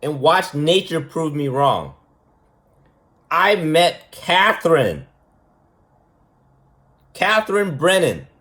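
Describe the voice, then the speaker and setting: A man's voice: on the high side, big pitch swings, takes it slowly, long pauses, fairly bright tone. A man talking as a preschool teacher in a rambling, mocking monologue, repeating his points for emphasis. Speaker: preschool teacher giving a lesson.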